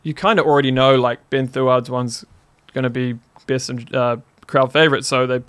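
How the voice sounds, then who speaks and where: Man, New Zealand accent, podcast guest, casual storytelling, animated, laughs a lot, middle pitch. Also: normal speed, clean tone. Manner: animated, laughing often, peppered with "like".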